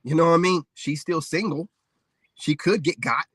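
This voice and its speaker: A man's voice: on the high side, moderate pace, fairly bright tone, breathy edge, no echo. Candid American man ranting on a livestream. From United States. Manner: candid, rambling, fillers like "man" and "you know what I'm saying". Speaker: livestreaming content creator. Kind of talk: casual livestream rant.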